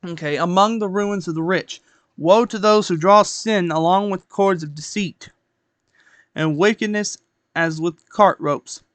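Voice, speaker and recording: High-voiced man reading scripture aloud. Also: fairly bright tone, no room sound. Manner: reads aloud with stumbles and self-corrections. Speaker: streamer. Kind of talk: casual Bible reading on stream.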